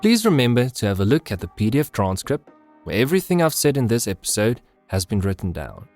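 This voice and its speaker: A South African man with a South African English accent, hosting an English-learning podcast and reading his lesson in a clear, measured way. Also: mid-range voice, sing-song, a little mellow, faint music behind. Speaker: podcast host.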